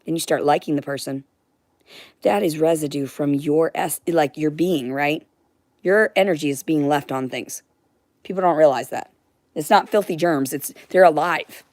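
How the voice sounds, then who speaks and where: A woman with a low-set voice rants her way through a long livestream monologue. She is profane and rambling, and sounds close and dry with no room around her. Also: moderate pace, a little mellow, no echo.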